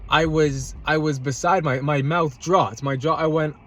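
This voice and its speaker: A man's voice: on the high side, steady tone, normal speed, fairly bright tone. A man telling a road-rage story in a casual, agitated rant from his parked car, swearing and repeating himself. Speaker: vlogger. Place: parked car in a parking lot.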